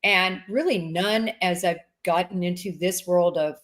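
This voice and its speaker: A woman hosting a casual interview on a video call. Her voice sits on the lower side and she talks in halting bursts, restarting her sentences as she goes. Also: fairly bright tone. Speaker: host, former FBI agent.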